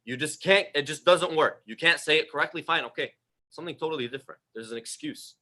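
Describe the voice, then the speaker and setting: A man's voice: on the high side, fast talker, sharp tone. A young man giving an informal religious talk, emphatic and conversational, often repeating his phrases. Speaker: religious teacher. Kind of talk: informal sermon on prayer.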